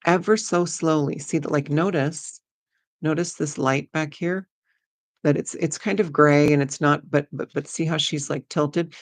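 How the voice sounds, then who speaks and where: A woman with a gravelly, fry-edged voice talks her viewers through an oracle card reading in a loose, chatty way. She reassures them often and wanders between thoughts. The sound is close and dry, with no room in it. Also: low voice, no room sound.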